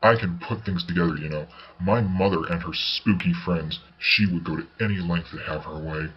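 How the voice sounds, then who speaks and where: A man's voice: sits low, normal speed, dull audio, a little hiss or hum, lightly acted. A man voicing an indignant young mother. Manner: indignant, accusing. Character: angry proud young mother.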